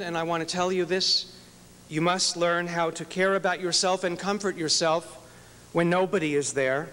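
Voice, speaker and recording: Earnest high-voiced man preaching, smooth tone, long hall reverb. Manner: earnest, storytelling, acts out quoted prayers softly. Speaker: rabbi and speaker. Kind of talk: inspirational speech. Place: large event hall.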